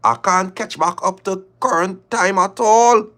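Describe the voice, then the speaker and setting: A man hosting a livestream, reading viewer confessions aloud and reacting with drawn-out exclamations and slang. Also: sits high, fairly bright tone. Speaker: livestream host.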